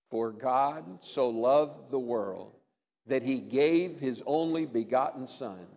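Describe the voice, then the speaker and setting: Pastor, male, middle-aged, slightly higher-pitched voice, earnest sermon delivery with soft, slow emphasis. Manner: earnest, slows and softens on key lines.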